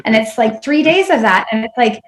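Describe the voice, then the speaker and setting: A candid woman speaking in a casual podcast chat. Her voice sits a touch higher than most women's, and she strings her thoughts together with a stream of "like" and "you know." She sounds relaxed and frank. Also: a little fast. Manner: candid, chatty, full of fillers. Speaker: guest chiropractor.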